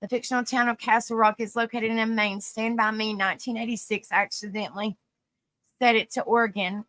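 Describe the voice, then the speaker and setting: A woman's voice: mid-range voice, fairly bright tone, no echo. A woman with a Southern US accent reading facts aloud on a livestream, stumbling over hard words and chatting with viewers. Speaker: host.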